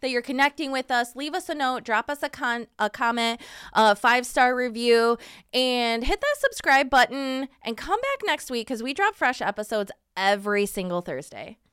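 A woman's voice: a little high, animated, moderate pace, fairly bright tone, clear, resonant tone, no room sound, clean studio sound. A woman co-hosting a business podcast, talking in an upbeat, chatty way. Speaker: podcast co-host. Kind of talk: casual podcast chat.

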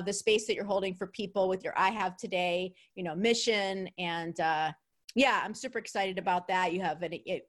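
A woman's voice: medium pitch, fairly bright tone. A woman with a New York accent hosting a podcast interview, chatty and bubbly, laughing often. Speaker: podcast host. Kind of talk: casual interview chat.

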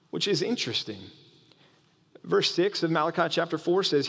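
A pastor with a fairly high voice delivers a lively sermon, stumbling over and restarting his phrases as he goes. His words ring out with a long reverb, as if in a big church sanctuary. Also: brisk. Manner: animated, acts out quoted voices, frequent restarts.

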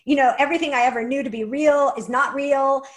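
A woman's voice: sits high, fairly even intonation. A young adult woman, a guest and author, telling a personal story earnestly with many "like" fillers. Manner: earnest, fast, lots of "like" fillers.

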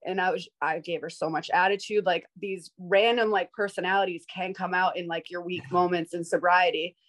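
A woman's voice: fairly low pitch, steady tone, a little fast, poor audio. A woman in her thirties from Boston, a guest on a video-call interview, telling candid stories in an outgoing way and laughing often. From Boston, USA. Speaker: guest, sober bartender. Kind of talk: casual interview storytelling.

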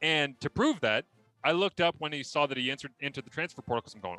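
A man's voice: fairly high pitch, expressive, quick pace, sharp tone, rough recording. A man hosting a sports talk show, chatting casually and telling stories with a laugh.

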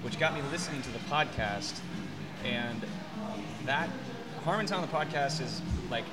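Lively joking male podcast host. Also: medium pitch, normal speed, over loud music. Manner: joking, animated. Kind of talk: casual festival interview. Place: festival press room.

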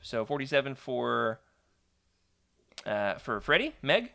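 A man's voice: medium pitch, sing-song, takes it slowly, creaky, pushed and bright, clear, resonant tone. A man hosting a live stream, chatty and playful, reading a choose-your-own-adventure book aloud to his viewers.

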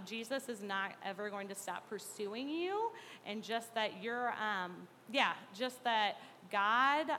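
A woman gives a personal testimony in a bright, forward voice. She speaks earnestly and haltingly, with plenty of fillers. Her words trail off into a long reverb, and there is faint noise behind her. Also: fairly high pitch. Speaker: speaker sharing a faith testimony.

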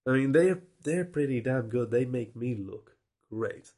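Wry man hosting a podcast, husky voice. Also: medium pitch, expressive, a little slow, a little mellow. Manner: wry, self-mocking, rambling. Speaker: podcast host. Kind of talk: casual podcast sign-off.

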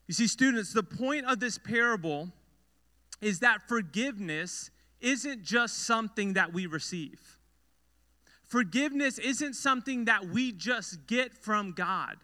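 With a long hall reverb around him, a young man preaches a sermon to students as their youth pastor, earnestly recounting a story and repeating phrases to stress them. His voice sits high and sounds expressive, bright, and forceful, at a measured pace.

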